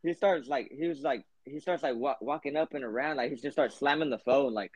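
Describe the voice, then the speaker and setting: A man's voice: mid-range voice, fairly quick, a loud crowd. A young man hosting a podcast, telling a long story in a rambling, profane way, full of fillers. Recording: dull lo-fi podcast audio.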